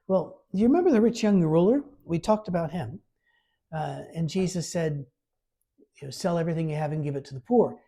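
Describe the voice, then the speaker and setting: A man preaching a conversational sermon, informal and lively, reading scripture aloud with emphasis. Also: a little high, brisk. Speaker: pastor.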